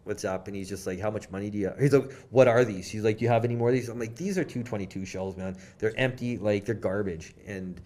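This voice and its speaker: Man, young adult, from Canada, podcast guest, casual storytelling, animated, filler-heavy. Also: lowish voice, quick pace, hardly any pauses. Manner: animated, lots of fillers, quoted dialogue.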